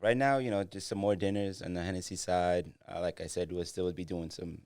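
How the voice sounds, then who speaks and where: A man's voice: deep voice, steady tone, a little fast, a little mellow, no room sound, clean studio sound. A man, a guest talking in an easygoing, agreeable way. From Boston. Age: 40s. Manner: easygoing, agreeable, laughs often. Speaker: podcast guest. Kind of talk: casual interview chat.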